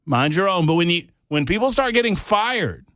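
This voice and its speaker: A man's voice: high voice, very animated, normal speed, a bit bright, no echo, studio quality. A man on a talk radio show, chatting casually with the host in a teasing, conspiratorial way. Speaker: radio show regular, political commentator. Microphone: studio microphone.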